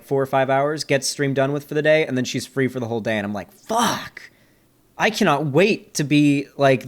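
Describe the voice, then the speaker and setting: A man hosting his channel, giving loose, animated commentary on a debate clip and swearing now and then. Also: medium pitch. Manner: animated, swearing, quick asides. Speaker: debate reviewer, channel host. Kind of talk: casual commentary.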